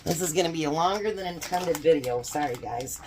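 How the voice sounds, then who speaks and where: Over a noisy background, a woman with a low-sitting voice speaks at a moderate pace in her cooking vlog. She prepares food in her home kitchen, chatting folksily and breaking into laughter often.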